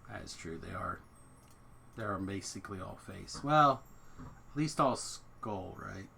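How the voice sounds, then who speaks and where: A man's voice: deep voice, lively intonation, a little slow, gravelly, pushed and bright, slight background noise. A man hosting a game stream from home, chatting casually and thinking aloud as he plays. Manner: rambling, thinks aloud about his setup. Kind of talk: casual chat while gaming.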